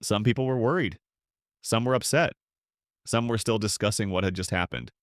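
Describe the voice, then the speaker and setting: Man reading calm male airline captain, earnest, low voice, dry sound. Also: moderate pace, no room sound, natural voice.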